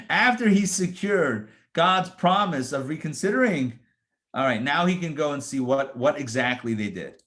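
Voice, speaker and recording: Man with a higher voice teaching scripture. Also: normal speed. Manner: reads scripture verses aloud, then explains them in casual asides; lively, emphatic rhetorical questions. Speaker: rabbi. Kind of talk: Torah study lesson.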